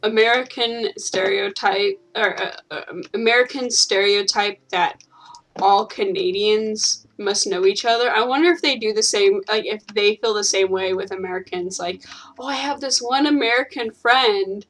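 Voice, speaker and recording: Woman, casual gameplay chat, giggly, relaxed talk, average pitch. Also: normal speed. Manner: chatty, laughs often, sighs. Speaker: gaming channel host. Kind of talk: casual chat while playing a game.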